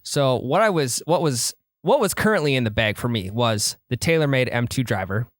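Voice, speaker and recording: A young man co-hosting a casual podcast, telling stories in an animated, playful and boastful way. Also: medium pitch, moderate pace, dry recording, clean studio sound. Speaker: podcast co-host. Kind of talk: casual chat.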